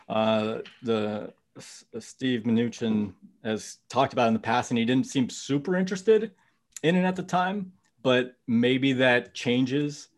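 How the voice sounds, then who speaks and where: Guy talking markets as a podcast guest, mid pitch, rambles with tons of um and you know. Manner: rambling, many fillers, restarts and "you know"s. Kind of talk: casual interview chat.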